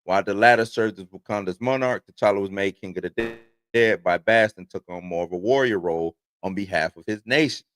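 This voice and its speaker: A man's voice: fairly low pitch, brisk, fairly bright tone, no echo. A man in his forties hosting a casual livestream, reading entertainment news aloud and then rambling off into his own stories. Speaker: host.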